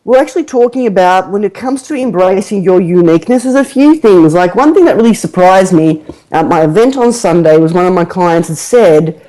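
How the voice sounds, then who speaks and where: A woman hosting a marketing podcast in casual chat, animated and rambling with fillers, laughing often. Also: on the low side, fairly quick, hardly any pauses, low-quality recording. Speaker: podcast host, marketing coach.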